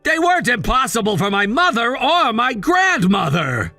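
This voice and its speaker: A man's voice: very high voice, big pitch swings, moderate pace, pushed and bright, no echo, faint music behind, heavily acted. A synthetic man's voice reading a cold, demanding husband with curt, dismissive lines. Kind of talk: text-to-speech story reading.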